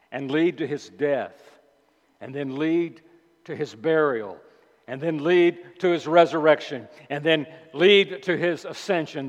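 A male pastor preaching a sermon with emphasis, posing rhetorical questions to his congregation in a church. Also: on the high side. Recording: long reverb of a large hall.

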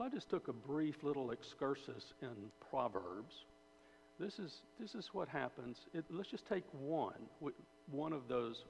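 Gravelly-voiced man preaching in a hall. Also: medium pitch. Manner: conversational, asks the audience, repeats words and restarts. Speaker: preacher or Bible teacher. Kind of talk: sermon. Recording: dull hall recording with faint hum.

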